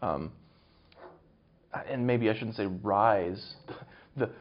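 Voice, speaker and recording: A man speaking as an interview guest, measured and academic, thinking aloud as he explains. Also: lowish voice. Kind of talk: conversational interview. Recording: dull lo-fi recording.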